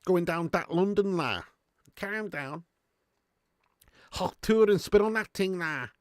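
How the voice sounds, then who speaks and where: A man's voice: sits high, lively intonation, takes it slowly, no echo, studio quality, pitched above the performer's own voice. A man doing a mocking impression of a brash, moustached Liverpool man with an exaggerated Scouse accent. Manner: mocking sketch-comedy impression, repeating catchphrases.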